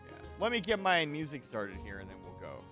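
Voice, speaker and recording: A man's voice: medium pitch, huge pitch swings, brisk, music in the background. A man hosting a game stream, chatting playfully with a co-host and reading chat aloud.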